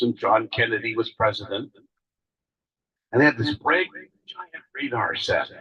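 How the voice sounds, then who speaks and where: A man gives a spiritual talk to a gathering, pausing often as he goes. His voice is husky and a little breathy, and the emotion shows in his words. The recording sounds dull and lo-fi. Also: mid-range voice, fairly bright tone. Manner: emotional, halting, with long pauses. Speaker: speaker.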